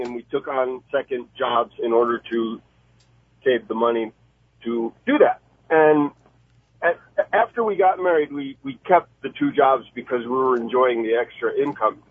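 A man in his forties calling in to a radio show, telling his story in a friendly, chatty way. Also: mid-range voice. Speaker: caller. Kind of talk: casual call-in story. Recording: husky tinny phone line.

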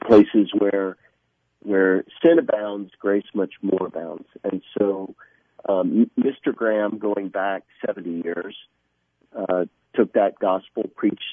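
A man speaking as a guest in a radio interview, earnest and halting, often restarting his sentences. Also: fairly low pitch, no room sound. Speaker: guest from an evangelistic ministry. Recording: tinny phone line.

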